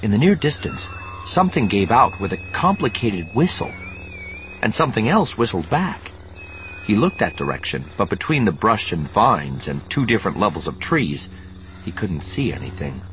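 A man narrating an audiobook with a measured, expressive reading. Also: fairly low pitch, slight background noise. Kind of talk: scripted narration.

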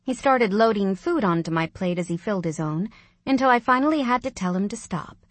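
A woman reads a first-person audiobook in a soft, reflective manner at a middle pitch. The recording is dry and close, with no room sound. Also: animated, brisk, no echo. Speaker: audiobook narrator.

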